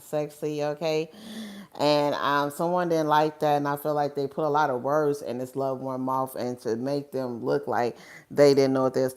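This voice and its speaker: A woman giving a live tarot reading in a casual, rambling way, often checking in with "okay?". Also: low-pitched. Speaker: tarot reader.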